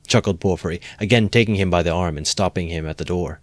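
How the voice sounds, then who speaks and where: A man calmly narrating an amateur audiobook reading of a classic novel. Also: sits low, fast, few pauses, no room sound.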